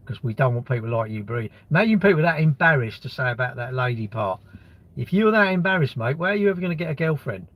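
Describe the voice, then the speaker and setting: In a casual live-stream chat, a man with a medium-pitched voice rambles bluntly, trading crude banter and responding to viewers' comments. The sound is lo-fi.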